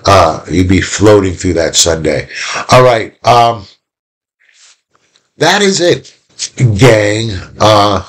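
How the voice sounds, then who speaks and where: Male teacher, deeper voice, chatty and animated, a casual video lesson with bits of play-acting. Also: slow pace, pauses often. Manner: animated, chatty, acts out little quoted exchanges.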